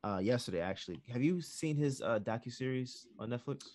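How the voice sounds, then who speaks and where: A man co-hosting a relaxed entertainment talk show. He chats in a loose, animated way, stacking up fillers. His pitch moves around a lot as he talks. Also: brisk. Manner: animated, filler-heavy storytelling. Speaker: podcast co-host. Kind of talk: casual chat.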